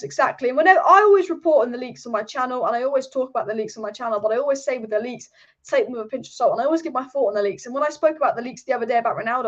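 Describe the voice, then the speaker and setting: A woman hosting a football channel, ranting in a fired-up, swearing, repetitive way. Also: on the high side. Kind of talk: casual opinion rant. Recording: dull lo-fi audio.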